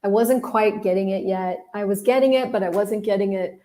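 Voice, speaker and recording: A woman's voice: medium pitch, fairly quick, dark tone. A woman hosting a podcast, telling a story in a casual, candid way, talking straight to her listeners and swearing now and then. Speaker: podcast host.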